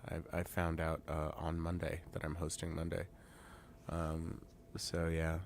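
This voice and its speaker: A man co-hosting a podcast, chatting casually and jokingly, drifting between loud bursts and quiet mumbled asides. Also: a bass voice, monotone, takes it slowly, gravelly, a little hiss or hum. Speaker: podcast co-host. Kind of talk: casual chat.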